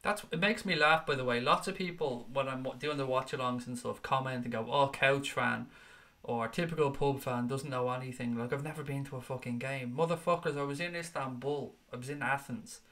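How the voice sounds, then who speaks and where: A man hosting a football fan livestream reads viewer comments and answers them in casual chat, swearing freely. His mid-range voice is brisk, bright and forceful, with fairly even intonation.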